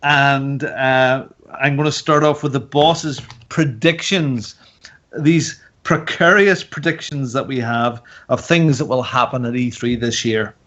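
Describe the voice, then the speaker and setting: A podcast host with a medium-pitched, a bit bright voice talks a little slowly in casual chat. He jokes and teases while rambling through topics. The audio is dull and lo-fi.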